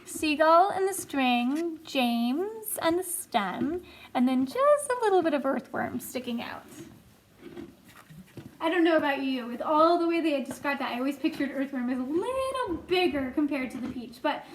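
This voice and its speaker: A woman's voice: high voice, big pitch swings, moderate pace, recorded from a distance. A woman reading a children's book aloud, adding friendly asides for her listeners. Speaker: storytime reader. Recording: echoey room with faint noise.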